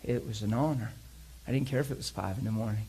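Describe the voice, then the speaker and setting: A middle-aged man preaching, telling a story with lots of laughter and animated energy. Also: lowish voice, fast, gravelly, slightly rough. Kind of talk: sermon storytelling.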